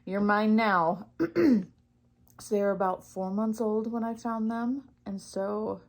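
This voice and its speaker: A woman's voice: a little high, takes it slowly, mellow. A young woman chatting casually in her crafting vlog, rambling with lots of fillers and getting easily distracted. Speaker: knitting vlogger. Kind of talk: casual chat.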